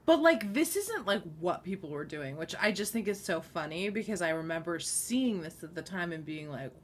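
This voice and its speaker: A woman's voice: lowish voice, lively intonation, moderate pace, slight background noise. A woman in her thirties co-hosting a casual movie podcast, giggling often and tossing in playful asides. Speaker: podcast co-host.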